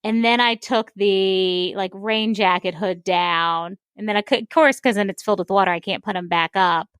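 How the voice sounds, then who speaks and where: A woman's voice: medium pitch, normal speed, a bit bright, clean tone, dry recording, clean studio sound. A woman co-hosting a podcast, telling a story in casual chat with lots of filler words. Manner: rambling storyteller, many "like" fillers. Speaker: podcast co-host.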